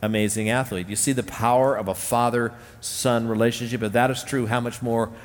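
A man's voice: mid-range voice, steady tone, brisk. A man preaching a sermon as a pastor, earnest, repeating key phrases and often restarting his sentences. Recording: long hall reverb.

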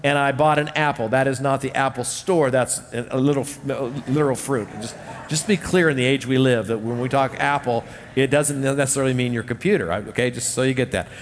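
A male pastor delivers a sermon in an earnest, searching way, circling back to repeat his key lines. His voice sits at an ordinary middle pitch. A long hall reverb trails after each phrase. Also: fairly quick, slight background noise.

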